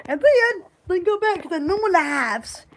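A woman's voice: very high-pitched, sing-song, unhurried, a little hiss or hum. A woman chatting casually on a live store video, giggly and silly, drawing out words playfully. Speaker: store vlogger.

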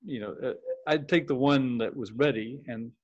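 A man's voice: mid-range voice, normal speed, no room sound. Man, video call host, rambling, restarts sentences, dry, dull lo-fi audio. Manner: rambling, self-interrupting. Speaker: host and journal editor. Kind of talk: casual video call chat.

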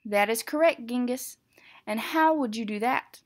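A strict but patient male monster teacher, as a woman reads him aloud from a picture book. He speaks in a measured, formal, instructive way, fairly high in pitch, like a storybook classroom. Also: close to an everyday voice.

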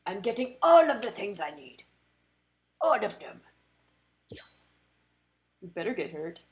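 Slow-talking excitable young woman gamer. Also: mid-range voice. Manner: excitable, talks to the cards, groans and cheers at the game. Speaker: gamer playing a card game. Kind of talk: casual let's-play commentary.

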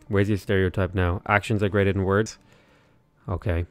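An Irish man with a low voice talks casually on a game livestream. He rambles and restarts his sentences, leaning on fillers as he plays. The sound is close and dry, with faint game music underneath. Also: level tone, normal speed, no room sound. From Ireland. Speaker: streamer.

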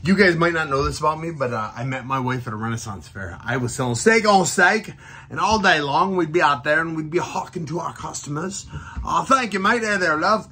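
A man walking around his farm and new food truck, chatting excitedly and then muttering quietly to himself. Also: a little high, a little fast, breathy edge. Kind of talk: casual walk-around vlog. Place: outdoors on a farm with animals.

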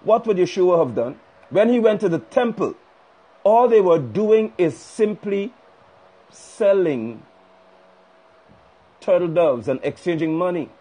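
A male preacher delivers a fiery, rebuking sermon over a phone livestream. His voice sits high and carries a husky edge. He drives each point home by repeating it with force. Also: very animated, slow pace, long pauses, warm tone. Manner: fiery, rebuking, emphatic repetition.

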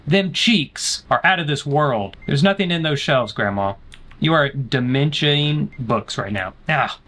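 This is a man streaming a let's play with a lively, swooping delivery. His voice has a crisp, bright edge. He banters with his viewers and shrieks whenever the game surprises him. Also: mid-range voice, moderate pace, slight background noise. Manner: jokey, answers chat, sudden panicked yelps. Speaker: gaming streamer.

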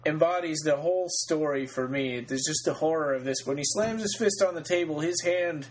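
A man co-hosting a podcast, retelling a story in relaxed casual talk with fillers. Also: on the high side, a little fast, slightly rough, low-quality recording. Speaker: podcast co-host. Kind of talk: casual book discussion.

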